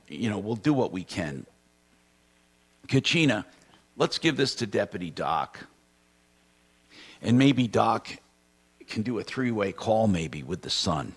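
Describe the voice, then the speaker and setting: Firm, low-voiced male call-in host. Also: breathy edge. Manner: firm, pressing questions, then reads sponsor spots. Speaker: consumer advocate radio host. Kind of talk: live call-in radio talk.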